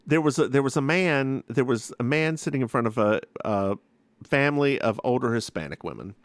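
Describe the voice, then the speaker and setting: A man co-hosting a podcast, telling stories in a sassy, animated way and acting out what people said. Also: medium pitch, brisk, no echo. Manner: animated, acts out quotes, sassy. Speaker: podcast co-host. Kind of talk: casual chat, storytelling.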